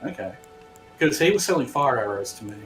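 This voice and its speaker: A man with a medium-pitched voice talks through game strategy calmly and patiently, pausing on hesitant fillers. He sounds relaxed and conversational. Faint music runs in the background. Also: rough recording. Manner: calm, explanatory, hesitant fillers. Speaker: co-host player. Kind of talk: casual gameplay chat.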